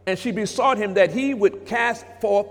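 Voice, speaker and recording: A man preaching a sermon as pastor, moving from hushed passages to shouts and calling out to the congregation. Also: sits high, moderate pace. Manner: preacherly, swings between hushed and shouted, talks back to congregation. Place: church sanctuary. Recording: long reverb of a church hall.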